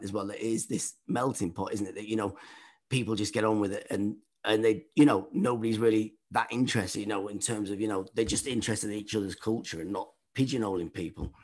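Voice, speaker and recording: Northern english comedian guy on a zoom call, husky voice, rambling chatty story w lots of asides. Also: fairly low pitch, fast. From northeast England. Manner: chatty, animated, full of asides. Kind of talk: casual storytelling over video call. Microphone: video call.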